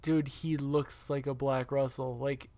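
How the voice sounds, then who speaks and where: A man's voice: mid-range voice, level tone, a little slow, a crowd in the background. A man co-hosting a podcast, telling rambling, crude anecdotes with swearing. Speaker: podcast co-host. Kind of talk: casual crude storytelling chat.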